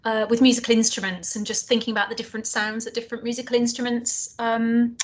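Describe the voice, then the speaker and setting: A woman's voice: on the high side, flat delivery, fast talker. Chatty Northern English woman lecturer. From Northern England. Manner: chatty, frequent ums and restarts. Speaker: teacher trainer. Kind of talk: online lecture.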